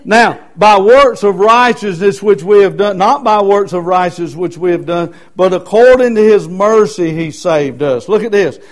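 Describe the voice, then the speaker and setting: A man's voice: high-pitched, moderate pace, hardly any pauses. A middle-aged man preaching a Baptist sermon with emphatic repetition. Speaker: Baptist pastor.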